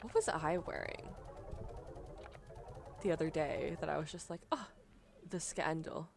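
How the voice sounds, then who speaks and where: With a low-pitched, slightly slow voice and some vocal fry, a young adult woman chats casually during a live game stream. Music plays in the background while she rambles and frequently laughs.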